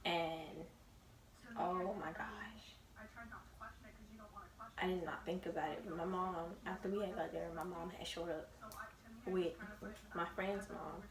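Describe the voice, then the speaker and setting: Animated young woman, roomy sound. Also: fairly low pitch, slow, pauses often, far from the mic, crowd noise. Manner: animated, emphatic storytelling with dramatic asides. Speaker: vlogger. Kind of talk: casual storytime. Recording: roomy, away from the mic.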